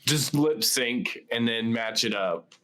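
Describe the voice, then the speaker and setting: A man's voice: medium pitch, slow pace, sharp tone. A young man chatting on a casual gaming podcast, his voice sitting in the middle male range. He talks in an upbeat, agreeable way and riffs on his co-hosts' ideas. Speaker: podcast co-host.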